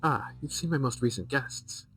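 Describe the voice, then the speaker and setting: A man's voice: mid-range voice, expressive, normal speed, fairly bright tone, distant mic, soft background music, voice pushed up. A man voicing a scheming, haughty queen mother who speaks breezily and cuttingly. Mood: imperious.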